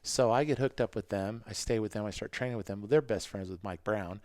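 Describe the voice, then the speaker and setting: A middle-aged man recounting old racing days in a relaxed, chatty way. His voice sits fairly low, and he slips into quick acted-out lines of what he was thinking back then. The sound is dry and close, with hardly any room around it. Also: dry recording. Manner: animated, acts out his own past thoughts in quick quoted asides. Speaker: podcast guest, former motocross racer. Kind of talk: casual storytelling.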